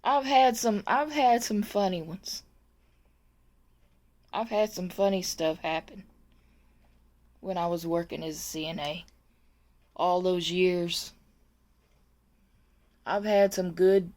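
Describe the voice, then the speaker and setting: Slow-talking woman telling a story. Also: lowish voice, a little mellow. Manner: chatty, laughs often, repeats words as she goes. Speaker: former nursing aide telling a story. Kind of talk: casual storytelling vlog.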